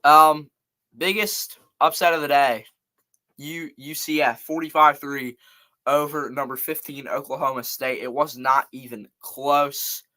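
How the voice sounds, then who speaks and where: Bright-voiced man hosting a football recap. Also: on the high side, steady tone, a little slow. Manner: chatty and rambling, reels off scores and stats. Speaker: sports show host. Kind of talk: casual live college football recap.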